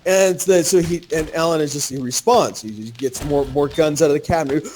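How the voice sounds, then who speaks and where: Animated, swearing gamer man. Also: a little high, a little fast, a little hiss or hum. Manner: animated storyteller, swears freely. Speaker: gamer telling a story to co-players. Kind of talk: casual gaming chat.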